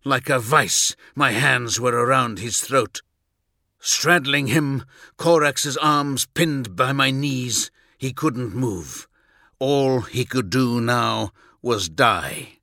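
A man giving dramatic, measured first-person narration for an audiobook. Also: medium pitch, pushed and bright, no echo, clean studio sound.

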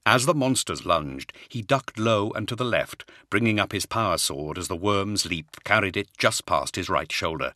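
A man narrates a war audiobook in a lowish voice with a bright, forceful edge. His reading is dramatic, and he pushes his voice up for the shouted battle cries. The recording is close and dry. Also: animated, moderate pace, few pauses, no room sound. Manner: dramatic, raises voice for shouted lines.

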